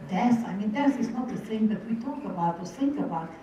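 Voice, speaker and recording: An earnest woman in her eighties recounts her story before a live audience, and her warm, mellow voice sounds distant from the mic. The big room rings with heavy echo, and the muffled, dull recording carries a faint hum. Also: fairly high pitch, lively intonation, brisk. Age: 80s. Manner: earnest, vivid retelling with repeated phrases. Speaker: guest speaker. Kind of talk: personal storytelling talk to an audience.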